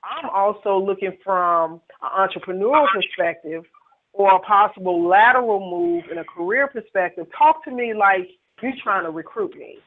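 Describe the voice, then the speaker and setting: Host on a tinny phone line. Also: female voice, medium pitch, expressive, moderate pace. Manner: rambling, many fillers and restarts. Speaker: panel host. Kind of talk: radio panel discussion over a phone call. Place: on a phone call.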